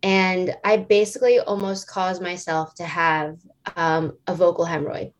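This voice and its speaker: A woman's voice: on the low side, little pitch movement, moderate pace. A woman in her late twenties, a singer, telling a story in casual interview chat, rambling and filling it with "like" and "um". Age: late 20s. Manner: chatty, rambling storytelling full of "like" and "um". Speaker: singer and stage performer guest.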